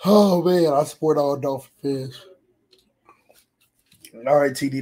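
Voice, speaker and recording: A man with a hoarse, fading voice hosting a casual gaming livestream, excitable and trash-talking as he reads viewer comments aloud. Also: on the high side, slow pace. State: hoarse, losing his voice. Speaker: sports channel host.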